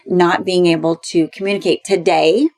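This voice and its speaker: A woman's voice: fairly low pitch, steady tone, moderate pace, a little mellow. A middle-aged woman as a podcast guest, speaking reflectively and searching for her words, often affirming the host. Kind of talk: candid conversational chat.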